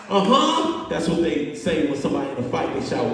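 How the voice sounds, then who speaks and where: A man preaching a sermon as pastor, talking in an animated, conversational way with humor and asides to the congregation. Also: on the high side, moderate pace, far from the mic. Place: church sanctuary. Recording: echoey church hall, voice from off-mic.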